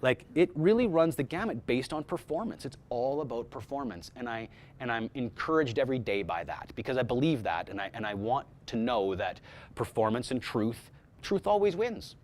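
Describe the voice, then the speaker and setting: A man speaking informally to a workshop audience about voice-over casting, animated, with frequent restarts and repeated words. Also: medium pitch, normal speed, a little hiss or hum.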